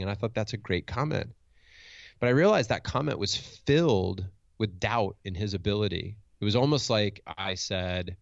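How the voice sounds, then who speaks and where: A man's voice: lowish voice, animated, moderate pace, vocal fry, no echo, highs cut off. A man who works as a motivational speaker and coach, telling a personal story in a reflective, candid way, thinking aloud with restarts and asking "right?" as he goes.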